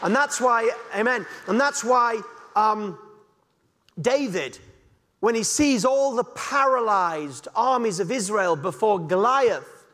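A man preaching an impassioned sermon that builds to shouting. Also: high voice, lively intonation, takes it slowly. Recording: echoey hall reverb.

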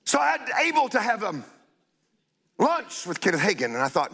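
An older man preaching a sermon in a blunt, scolding way, stretching out key phrases and breaking into shouts. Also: sits high, wildly swooping pitch, moderate pace, gravelly, background noise.

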